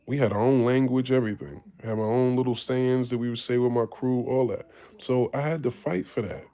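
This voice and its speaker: A man's voice: mid-range voice, fairly even intonation, fairly quick, mellow, smooth. A man, telling his life story in casual talk, candid and profane, acting out the voices of people he quotes. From Harlem, New York. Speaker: podcast host.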